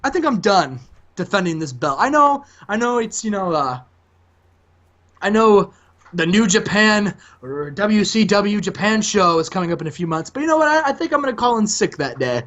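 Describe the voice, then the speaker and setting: Arrogant veteran wrestling champ, sneering and dismissive, lively pitch, muffled sound, as a man puts him on. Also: normal speed. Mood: scornful.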